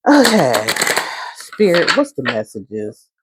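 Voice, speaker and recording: A woman's voice: extremely low pitch, huge pitch swings, slow, background noise. Blunt, swearing woman tarot reader. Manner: blunt, profanity-heavy, talks back to herself. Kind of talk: casual tarot reading.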